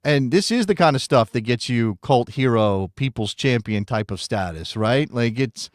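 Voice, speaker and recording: Brief: American male co-host, chatty and self-correcting, medium pitch, dry studio sound. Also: animated, normal speed, no room sound. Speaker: podcast co-host. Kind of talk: casual soccer talk show.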